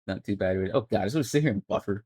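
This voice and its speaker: A man's voice: fairly low pitch, very fast, a little mellow, husky. A young man at home, streaming and reviewing gameplay footage in a laid-back, coaching tone that swears casually. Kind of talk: casual commentary.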